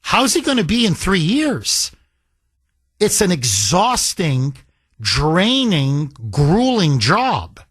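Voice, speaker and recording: A man's voice: high voice, huge pitch swings, slow, a bit bright, breathy edge, no room sound. A man hosting a political talk radio show, delivering an emphatic monologue and repeating phrases for effect.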